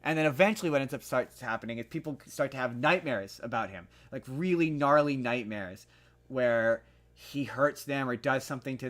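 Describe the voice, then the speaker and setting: A man's voice: mid-range voice, a bit bright. A young man co-hosting a podcast, recapping a movie in a rambling, heated way with many restarts. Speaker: podcast co-host. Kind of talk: casual movie review chat.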